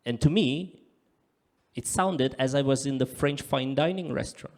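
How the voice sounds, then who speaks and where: A male stand-up comedian, speaking at an average pitch into a handheld mic on a club stage. He plays his punchlines deadpan, then jumps into loud, exaggerated acted-out voices. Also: moderate pace. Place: comedy club stage in front of a live audience.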